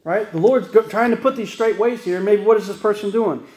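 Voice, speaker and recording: A male pastor preaches in a loose, storytelling way, often checking in with his listeners. His voice sits a little high for a man. The room rings around him like a church sanctuary. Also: fairly quick, a little mellow, reverberant, poor audio. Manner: folksy storytelling, frequent "right?" asides. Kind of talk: conversational sermon.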